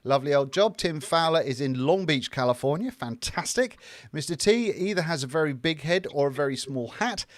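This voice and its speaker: A fairly high-voiced British man from the United Kingdom hosting a live stream, reading viewer messages and joking along. He talks in a loose, chatty way with lots of ums. The sound is dry and close, with no room echo. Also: expressive, brisk. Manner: jokey, chatty, reads viewer comments aloud with fillers. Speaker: livestream co-host reading chat. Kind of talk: casual live chat.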